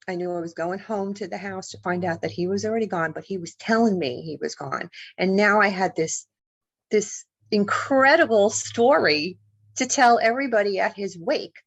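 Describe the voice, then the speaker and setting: A woman's voice: medium pitch, normal speed, dry recording, muffled recording. A woman guest, an author and paranormal investigator, telling a personal story in an interview with vivid, emotional delivery and acted-out lines. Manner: vivid, emotional storytelling, acts out what people said.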